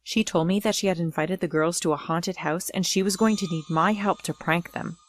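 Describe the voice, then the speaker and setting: Low-voiced woman telling a storytime tale. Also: fairly even intonation, a little fast, no echo. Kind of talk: first-person storytime narration.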